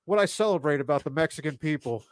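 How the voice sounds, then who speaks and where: A middle-aged man from the Philadelphia area co-hosting a comedy podcast, reading news jokes in a deadpan way. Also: fairly high pitch, quick pace, smooth, dry recording, studio quality. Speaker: podcast co-host. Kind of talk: casual comedy podcast chat.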